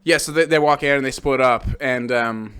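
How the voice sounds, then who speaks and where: A man's voice: mid-range voice, normal speed, a bit bright, clear, resonant tone. A man co-hosting a podcast, reviewing a film in casual chat, swearing freely and acting out lines from the movie. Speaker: podcast co-host.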